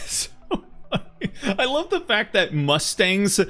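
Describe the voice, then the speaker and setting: A man's voice: sits high, big pitch swings, bright, forceful tone, soft background music. A man streaming a story game, teasing and laughing at the scenes. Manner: amused, laughing, slow and teasing. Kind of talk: casual game commentary.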